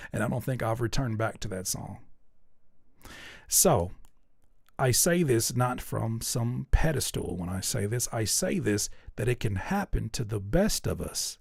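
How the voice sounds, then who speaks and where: A man hosts a live song review with a gravelly, fry-edged voice, close and dry on the mic. He talks bluntly and candidly and swears freely. He drops into acted-out little scenes to make his points. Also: medium pitch, no echo. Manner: animated, acts out little scenes. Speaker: music feedback host. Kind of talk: livestream song review commentary.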